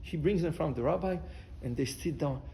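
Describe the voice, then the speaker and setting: High-voiced animated rabbi telling stories. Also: male voice, a little fast, creaky. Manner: animated storyteller acting out dialogue, frequent restarts. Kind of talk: Torah class storytelling.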